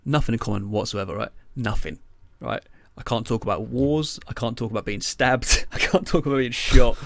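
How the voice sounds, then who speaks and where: Speaking at normal speed in a creaky, mid-range voice, a young man co-hosts a podcast. He rambles through stories casually, full of filler words and cursing.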